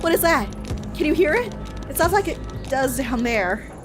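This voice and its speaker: A woman's voice: high voice, big pitch swings, moderate pace, soft background music. A woman voicing a frantic, paranoid young woman in a game, with shrieking, panicked outbursts. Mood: terrified. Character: frantic possessed young woman threatening others. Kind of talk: voicing game dialogue on stream.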